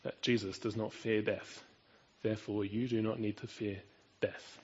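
A man's voice: lowish voice, flat delivery, moderate pace, darkish tone, breathy edge, muffled recording. A man preaching a sermon in an earnest, emphatic way, often asking his listeners rhetorical questions.

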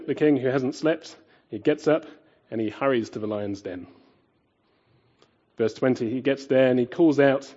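A man preaches a sermon in a husky, warm voice. He presses his points with rhetorical questions, rising loud and dropping quiet. The recording sounds dull and lo-fi. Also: mid-range voice, moderate pace.

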